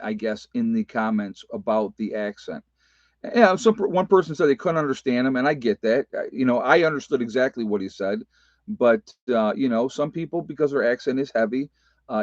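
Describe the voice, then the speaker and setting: A man's voice: medium pitch, a little mellow, no room sound. Folksy, emphatic man on lo-fi audio. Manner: folksy, emphatic, many fillers and repeats. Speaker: prepper vlogger. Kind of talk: casual chat to viewers, reading live comments. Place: rural off-grid homestead.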